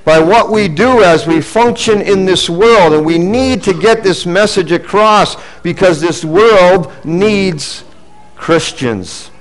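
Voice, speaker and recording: A middle-aged man preaching a sermon as pastor, earnest, rising for emphasis and dropping low and quiet for asides. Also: takes it slowly, poor audio.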